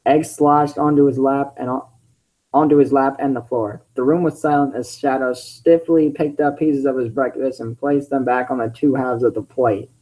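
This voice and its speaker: A man's voice: medium pitch, steady tone, normal speed, warm tone, poor audio. A man hosting his channel, reading fan fiction aloud with chatty, self-interrupting commentary.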